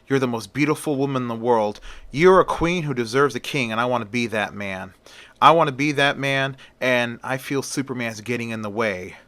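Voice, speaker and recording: A man's voice: medium pitch, moderate pace, a bit bright, dry recording, lightly acted. A man voicing a brash super-powered man who boasts and then pleads for his life. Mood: lovesick.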